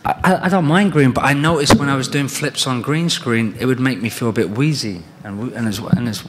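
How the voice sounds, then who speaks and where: A man's voice: mid-range voice, brisk, a little hiss or hum. A British man in his thirties answering fan questions on stage at a convention, telling long rambling stories and acting out the lines of other people. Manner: rambling anecdotes with acted-out quotes. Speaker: guest at a convention panel. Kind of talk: fan Q&A storytelling. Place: large convention hall with audience. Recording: long reverb of a convention hall.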